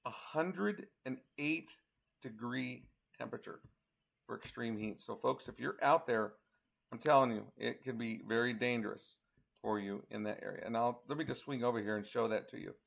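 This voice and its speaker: A man's voice: medium pitch, fairly even intonation, fairly quick, a bit bright. A tired man from Colorado giving a casual live weather update, walking through forecast maps hour by hour. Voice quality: gravelly. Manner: talks through model maps, counting hours aloud. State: tired, yawning.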